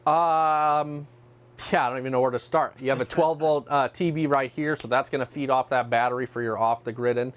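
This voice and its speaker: A man's voice: mid-range voice, fairly even intonation, brisk. A man explaining technical equipment in a practical, matter-of-fact way with occasional fillers. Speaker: technical staff guest.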